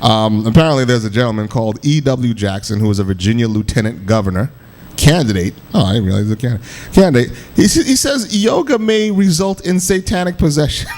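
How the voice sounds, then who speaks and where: A man's voice: mid-range voice, fast talker, darkish tone. A man co-hosting a casual talk show, laughing and mocking as he reads quotes aloud. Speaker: co-host. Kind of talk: casual podcast banter.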